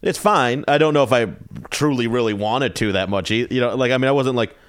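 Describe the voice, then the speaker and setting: Texas guy, comedian guest, smooth clear voice, lots of likes and you knows, dry mic. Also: mid-range voice, a little fast, no echo. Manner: hesitant, filler-heavy chat with frequent laughs. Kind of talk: casual podcast chat. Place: home man cave studio.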